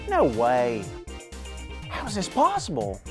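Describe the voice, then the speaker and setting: A man's voice: a little high, wildly swooping pitch, slow pace, a bit bright, faint music behind. Chirpy over-eager kids' show host, man. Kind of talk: kids' church show hosting.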